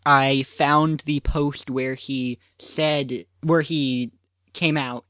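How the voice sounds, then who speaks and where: A man's voice: mid-range voice, fairly even intonation, drawn-out words, fairly bright tone, no room sound, studio quality. A young man co-hosting a podcast, talking casually with hesitant, apologetic restarts. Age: young adult. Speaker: podcast co-host.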